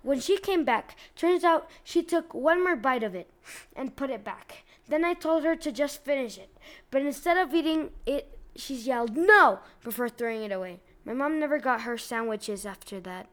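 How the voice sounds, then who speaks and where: A woman hosting a casual video, reading online posts aloud and commenting in a slangy, animated way with frequent giggles and sudden loud outbursts. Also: high-pitched, moderate pace.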